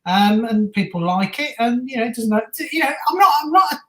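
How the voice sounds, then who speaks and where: A man's voice: very high voice, expressive, fairly quick, a bit bright. A man with a Birmingham accent co-hosting a casual football watch-along stream, chatting and reading viewer messages aloud. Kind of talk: casual live-stream chat. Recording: roomy echo.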